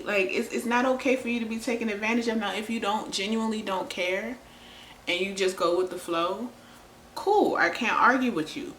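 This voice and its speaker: A woman's voice: fairly low pitch, moderate pace, a little hiss or hum. A woman vlogger talking candidly to camera, blunt and profane, laughing often. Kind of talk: candid relationship talk to camera. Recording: roomy echo.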